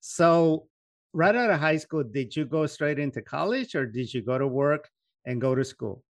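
A man's voice: fairly high pitch, lively intonation, moderate pace, no room sound, studio quality. A man hosting an interview, asking long, earnest questions. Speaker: host.

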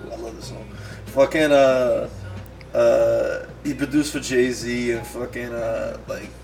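A man in his thirties with a gravelly edge to his voice rambles through a profane anecdote in a loose podcast chat. He sits some way off from the mic, with loud music playing in the room behind him. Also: medium pitch, steady tone, slow, recorded from a distance. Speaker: podcast host. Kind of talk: casual storytelling chat.

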